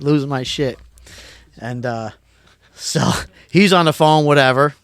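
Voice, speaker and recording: A middle-aged man from Pennsylvania, a podcast guest telling a story in casual, rambling, excitable talk that stumbles over repeated words. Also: a little high, measured pace, smooth, no room sound.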